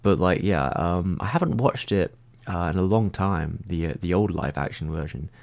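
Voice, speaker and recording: A man with a deep, low-pitched voice chats casually on a livestream, working through viewer questions. He rambles, leans on "like" constantly, and restarts his sentences as he thinks aloud. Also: animated, normal speed, gravelly, darkish tone. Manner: rambling, heavy use of "like". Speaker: streamer answering viewer comments.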